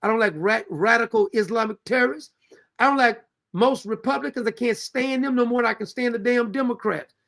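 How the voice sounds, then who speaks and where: A man's voice: very high-pitched, brisk, vocal fry, fairly bright tone. A man, hosting his own show and delivering a blunt, heated, profane political rant. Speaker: show host.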